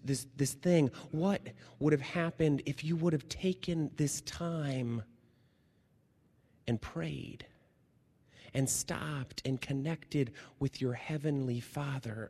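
A man preaching a sermon as a chaplain, lively and jokey, moving between loud bursts and hushed near-whispers. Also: mid-range voice. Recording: long hall reverb.

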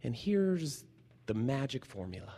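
A man preaching in a large hall where his voice hangs in a long reverb. He talks slowly and deliberately, swinging from loud, lively bursts to hushed, almost whispered lines. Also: medium pitch, slightly rough. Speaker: chaplain and preacher. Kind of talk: sermon.

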